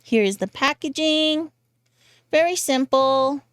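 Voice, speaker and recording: A woman's voice: a little high, animated, moderate pace, dry recording, studio quality. A woman vlogger chatting casually through a fragrance haul, giggly and chatty with goofy asides. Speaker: beauty vlogger.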